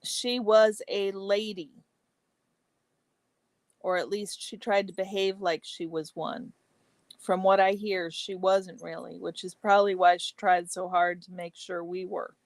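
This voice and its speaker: A woman hosting a casual livestream chat, reading viewer comments aloud and answering each by name, chatty and exclamatory with soft asides. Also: medium pitch, flat delivery, unhurried, no echo. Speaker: livestream host.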